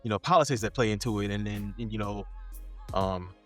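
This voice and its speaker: A man's voice: fairly low pitch, fairly quick, soft background music. A man co-hosting a casual podcast chat, venting bluntly about parenting and swearing freely. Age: adult father. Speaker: podcast co-host.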